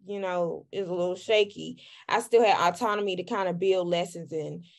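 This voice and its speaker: A woman's voice: lowish voice, moderate pace, gravelly. A young woman, a graduate student who teaches classes, reflecting thoughtfully in a casual podcast chat.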